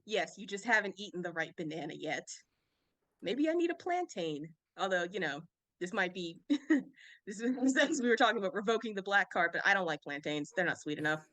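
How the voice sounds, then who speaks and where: A woman's voice: medium pitch, lively intonation, brisk, fairly bright tone, dry recording. A woman on a panel telling a funny story in a playful, laughing way.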